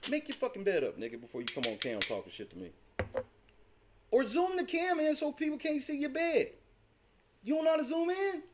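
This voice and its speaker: A high-pitched man hosting a livestream, tearing into a rival with profane taunts. His voice jumps around a lot as he mocks and lectures. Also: very animated, brisk, long pauses, very noisy. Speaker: livestream host. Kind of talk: heated livestream argument.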